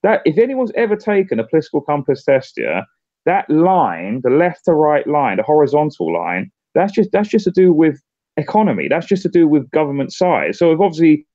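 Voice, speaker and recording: Halting, repetitive man in a dull recording. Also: fairly high pitch, sing-song, warm tone, no echo. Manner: halting, repeats words when starting sentences. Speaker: political candidate. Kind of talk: casual political chat.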